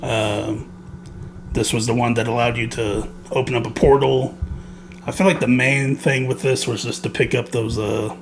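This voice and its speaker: A man's voice: mid-range voice, steady tone, moderate pace, gravelly, a little hiss or hum. A man co-hosting a casual game review podcast, rambling with many fillers and frequent laughs. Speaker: podcast co-host.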